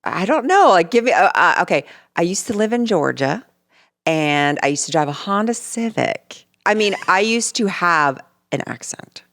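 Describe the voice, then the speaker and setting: A woman in her forties with a light US Southern twang, co-hosting a casual chat in an animated and expressive way, swearing freely. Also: fairly low pitch, normal speed. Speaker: podcast co-host.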